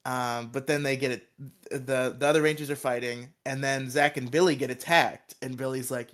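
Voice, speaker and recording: A man's voice: mid-range voice, fairly even intonation, normal speed, a bit bright. Giggly man rambling through a recap. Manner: rambling and giggly, lots of fillers. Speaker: podcast co-host. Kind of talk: casual episode recap.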